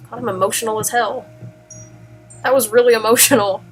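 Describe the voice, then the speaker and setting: A woman's voice: a little high, steady tone, brisk, pauses often, a little hiss or hum, poor audio. A woman thinking aloud as she plays through a story game. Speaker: let's play host. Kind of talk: game commentary.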